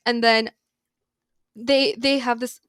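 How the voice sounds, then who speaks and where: A woman's voice: on the high side, flat delivery, slow pace, fairly bright tone, clean tone, no echo. A young woman co-hosting a podcast, recapping a novel in casual chat with lots of "like" and emphatic asides. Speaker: podcast co-host. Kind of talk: casual book discussion.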